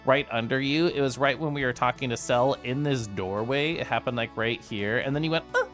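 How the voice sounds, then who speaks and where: A man's voice: medium pitch, fairly quick, a bit bright, faint music behind. A man chatting casually to his livestream viewers, giggly and bubbly, with lots of asides. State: tipsy from whiskey earlier. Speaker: streamer recapping VR chat meetups.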